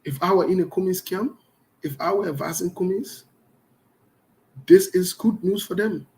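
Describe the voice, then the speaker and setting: A man's voice: high voice, moderate pace, a little mellow, low-quality recording. A man hosting a radio talk show, giving opinionated commentary in a defiant, passionate way and repeating his points for emphasis.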